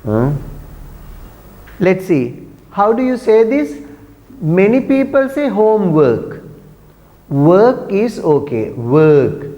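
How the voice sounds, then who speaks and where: Slow, questioning male teacher drilling words. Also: high-pitched, a little mellow, long reverb tail, highs cut off. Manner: drills words slowly, repeating them, asking students questions. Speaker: English teacher trainer. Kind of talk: classroom pronunciation lesson.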